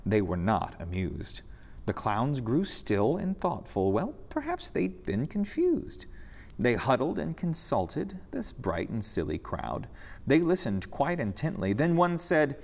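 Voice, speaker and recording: During a church service, a man with a mid-range voice reads a rhyming story aloud in an unhurried, expressive, sing-song way, his voice echoing around the reverberant sanctuary.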